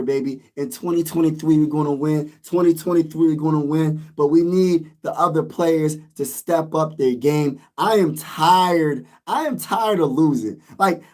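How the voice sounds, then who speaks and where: A man ranting to his viewers as a sports vlogger, excitable and repetitive, his voice hoarse from screaming. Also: a little high. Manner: excitable, repeats himself, talks straight to viewers. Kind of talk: casual fan rant to viewers.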